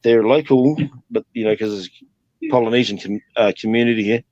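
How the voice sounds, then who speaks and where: A man's voice: on the low side, steady tone, fairly quick, darkish tone, dry recording. A man from New Zealand with a New Zealand accent, chatting casually as a guest on a live stream, rambling, laughing often and swearing casually. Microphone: video call. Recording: muffled video-call audio.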